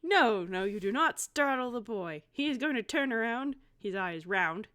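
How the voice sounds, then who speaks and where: A woman's voice: fairly high pitch, expressive, moderate pace, fairly bright tone. Giggly woman tabletop player. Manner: giggly, rambling. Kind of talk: tabletop game play, casual chat.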